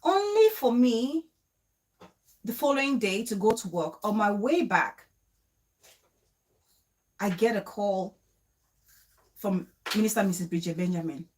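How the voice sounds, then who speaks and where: A woman vlogger telling a story to camera in a casual way, emotional and pleading, with quick bursts and repeated questions. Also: medium pitch, expressive, darkish tone, slight background noise.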